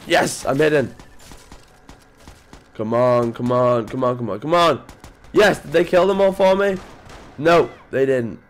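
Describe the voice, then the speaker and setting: A man with a stuffy nose from a cold, giving excitable live commentary over his gameplay, muttering one moment and yelping the next. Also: mid-range voice, measured pace, pauses often. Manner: excitable, jumps between mutters and yelps. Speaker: gaming video creator.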